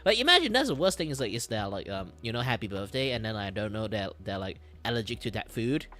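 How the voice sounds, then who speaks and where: A man streaming while he draws, talking in a rambling, animated way, swearing, laughing and breaking into loud outbursts. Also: on the low side, quick pace. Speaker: streamer and artist. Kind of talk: casual live-stream chat while drawing.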